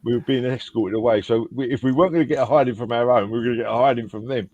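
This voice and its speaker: A man's voice: mid-range voice, racing, darkish tone. A man on a fan podcast panel, telling a rambling story in casual chat with frequent restarts. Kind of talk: casual anecdote. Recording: dull lo-fi sound.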